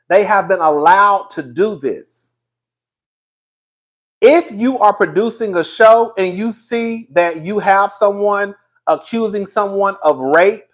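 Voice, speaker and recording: A young man hosting casual gossip commentary, animated and profane, laughing often. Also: sits high.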